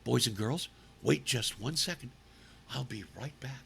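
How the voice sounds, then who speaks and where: A man putting on a flustered, fretful woman teacher, speaking in a hushed, anxious way. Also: mid-range voice, measured pace, creaky, slight background noise, voice pushed down.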